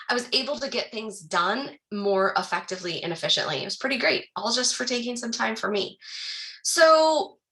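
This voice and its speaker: A woman leading an online wellness workshop, talking to her audience in an upbeat, encouraging way and guiding them through calm breathing. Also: a little high. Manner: slows into soft calm guidance during breathing exercise. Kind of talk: live online workshop talk with guided breathing.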